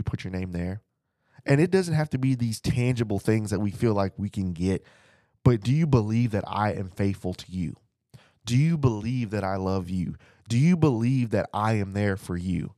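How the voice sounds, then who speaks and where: Earnest low-voiced male preacher. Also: lively intonation, moderate pace, warm tone, dry recording, studio quality. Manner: earnest, repeats phrases for emphasis. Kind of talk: bible teaching to listeners at home.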